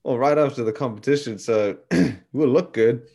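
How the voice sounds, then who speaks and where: A man hosting a podcast, chatting in a relaxed, loose way. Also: medium pitch, normal speed, creaky. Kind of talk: casual chat.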